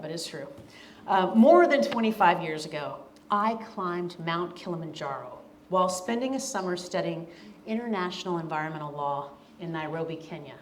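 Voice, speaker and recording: A woman's voice: on the low side, a little hiss or hum. A woman from the American South, an author giving an earnest, emphatic talk to a room and reading from her own book. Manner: earnest, emphatic, repeats key lines. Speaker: author and speaker. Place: event room before an audience.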